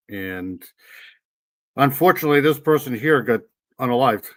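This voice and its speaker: A man's voice: mid-range voice, lively intonation, normal speed, a bit bright. A man casually hosting a livestream, reacting to clips and greeting his chat with loose fillers. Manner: laid-back, greets chat, trails off with fillers. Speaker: livestream host.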